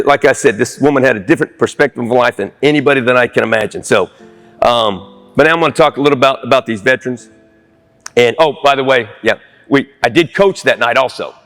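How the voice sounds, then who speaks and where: A man's voice: medium pitch, fairly bright tone. A middle-aged man giving an earnest, plain-spoken personal speech, pressing his points with repeated phrases. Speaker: speaker at a Veterans Day event. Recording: long hall reverb with faint music.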